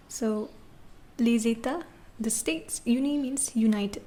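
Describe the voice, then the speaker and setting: A woman teaching a French lesson, patiently repeating words slowly for learners. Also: on the high side, dark tone. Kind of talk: recorded language lesson.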